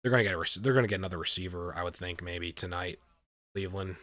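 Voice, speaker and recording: A man hosting a live stream, reacting with excitement and talking to his chat, often repeating himself. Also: low-pitched, racing, no room sound. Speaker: livestream host reacting to a draft.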